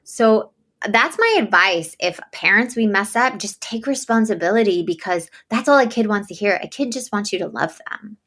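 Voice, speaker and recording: Interview guest: a woman with a bright voice, animated storyteller, casual chat. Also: mid-range voice, fairly quick, few pauses. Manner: animated storytelling, laughs often. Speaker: podcast host as guest.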